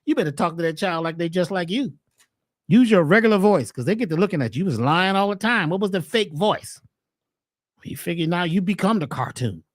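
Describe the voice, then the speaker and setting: A man presenting herbal health advice in a casual livestream talk, preachy and animated, throwing out rhetorical questions. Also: sits high, brisk.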